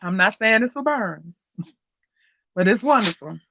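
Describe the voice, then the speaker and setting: A woman's voice: mid-range voice, animated, a little slow, sharp tone, highs cut off, a little hiss or hum. A woman hosting a casual livestream, chatting with viewers and telling stories with frequent laughter. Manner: chatty storyteller who laughs often. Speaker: livestream host.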